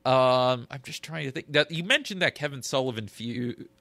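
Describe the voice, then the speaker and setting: A man co-hosting a podcast in casual chat, thoughtful and halting as he recalls details. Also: mid-range voice, a bit bright. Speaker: podcast co-host.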